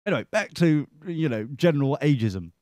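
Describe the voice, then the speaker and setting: A man riffs sarcastically over a news clip as a podcast host, mocking every line he hears. His voice swoops up and down with animated pitch, sitting a little high for a man. The recording is dry and close. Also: a little fast, no room sound.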